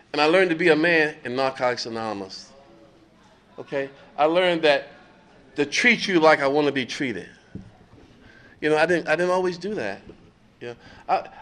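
A middle-aged man giving a blunt, profane, animated speaker share at a recovery meeting, laughing between lines. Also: a little high. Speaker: recovering addict sharing at a meeting.

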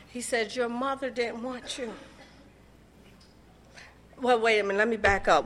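A middle-aged woman giving a raw, profane personal testimony at a recovery meeting, swinging between hushed and shouting. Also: a little high. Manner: raw, emotional, profane storytelling.

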